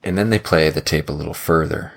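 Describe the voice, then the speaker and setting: With a very deep, creaky voice and a quick pace, a man hosts a casual podcast trivia game. He jokes around and laughs often, delivering his lines like an animated quizmaster.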